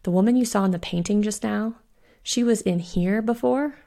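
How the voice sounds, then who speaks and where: A woman voicing a calm, dry vampire. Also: mid-range voice, moderate pace, vocal fry, close to an everyday voice.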